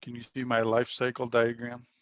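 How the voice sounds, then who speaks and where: A man's voice: medium pitch, completely flat delivery, normal speed, no room sound, lo-fi sound. A man leading a spiritual workshop over a video call, telling a story earnestly and quoting the people in it. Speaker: workshop leader.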